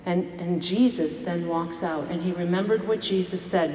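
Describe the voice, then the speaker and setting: A woman's voice: on the low side, fairly even intonation, moderate pace, hardly any pauses, darkish tone, slight background noise. Woman preaching in an echoey hall. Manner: storytelling, rhetorical questions to the congregation. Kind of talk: sermon. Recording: echoey hall, dull lo-fi sound.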